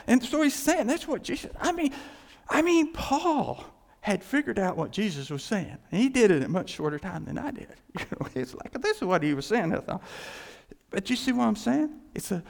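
A man preaching a sermon as a pastor, in a conversational, animated way with asides. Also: a little high, gravelly. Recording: long hall reverb.

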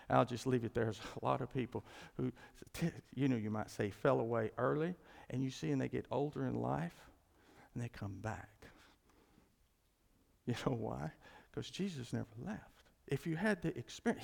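A man preaching a sermon as pastor, emphatic and rising to loud exclamations. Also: mid-range voice, gravelly, long reverb tail. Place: church sanctuary.

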